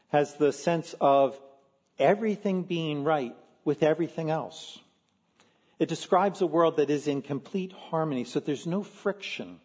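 A man, a pastor from Philadelphia, preaching a sermon in an earnest, measured way with slow emphatic stresses. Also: fairly high pitch, darkish tone, breathy edge, big-room sound.

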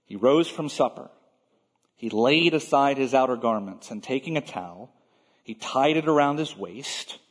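A man preaching a sermon in a measured way, stressing key words and letting phrase ends fall quiet. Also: on the high side, husky. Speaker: pastor. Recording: long reverb of a large hall.

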